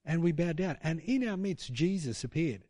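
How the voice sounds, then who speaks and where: A man's voice: a little high, expressive, normal speed, dark tone, no room sound, studio quality. A middle-aged man preaching, telling a personal testimony in a rambling, conversational way with frequent tag questions. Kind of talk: sermon testimony storytelling.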